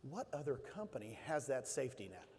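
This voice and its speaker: A man's voice: mid-range voice, very animated, fairly quick, background noise. A man giving an emotional motivational talk to an audience, telling stories and building to emphatic bursts. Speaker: motivational speaker. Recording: long hall reverb.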